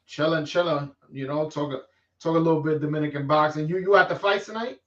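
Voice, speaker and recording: Fields: Sex: man. Style: animated street-talk boxing chat. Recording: roomy, distant, lo-fi. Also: on the high side, quick pace. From New York. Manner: animated, streetwise slang, frequent restarts. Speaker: boxing vlogger host. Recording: roomy, distant, dull lo-fi sound.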